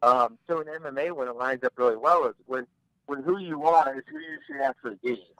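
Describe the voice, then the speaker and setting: A man's voice: fairly high pitch, lively intonation, fairly quick, vocal fry, bright, forceful tone, no room sound, poor audio. A man talking bluntly as a podcast guest, rambling and restarting his sentences in casual chat. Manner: blunt, rambling, repeats words when starting.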